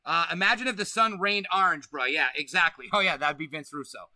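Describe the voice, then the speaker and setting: A man's voice: fairly high pitch, brisk, sharp tone, no echo. A man hosting a casual livestream, talking loosely with slang and swearing and stretching out words for emphasis. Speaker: host.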